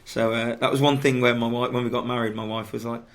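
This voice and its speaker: A man, a footballer guest in a radio studio, chatting casually and haltingly with many restarts and fillers. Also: mid-range voice, level tone, fairly bright tone. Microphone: studio microphone.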